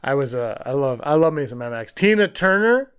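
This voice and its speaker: A young adult man co-hosting a podcast in casual chat, animated and laughing, slipping into quick movie-voice impressions. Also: medium pitch, clean tone. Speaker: podcast co-host.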